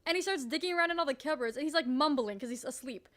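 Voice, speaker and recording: Young woman streamer rambling a story, high voice, swears a lot, says like constantly, laughs easy. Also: rapid-fire. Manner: animated, swears freely, heavy use of "like", laughs often. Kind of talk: casual storytelling on a live stream.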